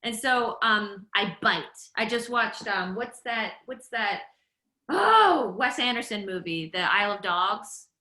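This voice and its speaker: A woman guest on a podcast, telling a story in a lively, animated way, stumbling and restarting as she acts out the quotes. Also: a little high, measured pace, reverberant. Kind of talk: casual storytelling chat.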